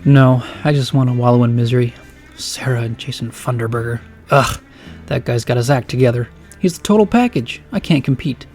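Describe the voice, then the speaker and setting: A man's voice: medium pitch, lively intonation, a little fast, darkish tone, faint music behind, close to an everyday voice. A man voicing a nervous, gloomy teenage boy who stammers and hesitates.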